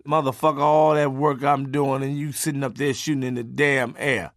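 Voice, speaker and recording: A man's voice: little pitch movement, normal speed, no room sound, studio quality, natural voice. A man doing a growling, cussing hunting dog. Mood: growling contempt. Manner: low muttered growling insults. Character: angry grumbling male hunting dog.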